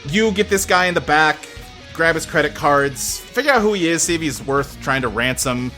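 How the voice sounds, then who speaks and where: A woman's voice: deep voice, animated, normal speed, bright, forceful tone, faint music behind. A man voicing a ruthless woman casino boss who switches from syrupy greetings to profane, barking orders.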